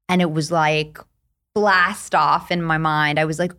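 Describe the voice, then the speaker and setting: A woman's voice: deep voice, normal speed. A woman author as an interview guest, telling personal stories candidly and acting out quoted lines. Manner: candid storytelling, animated, acts out quotes. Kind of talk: casual interview chat.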